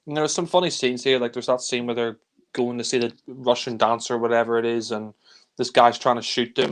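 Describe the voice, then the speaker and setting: A man talks through a film in an easygoing, unscripted way, wandering from scene to scene. His voice sits at an average pitch and stays fairly level. He sounds like a regular on a casual review show. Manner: rambling, loose plot recap.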